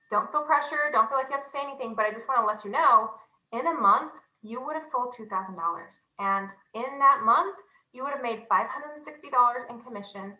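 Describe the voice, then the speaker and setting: A young woman giving a casual, animated sales training talk, chatty and self-deprecating. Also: on the high side, roomy sound, low-quality recording.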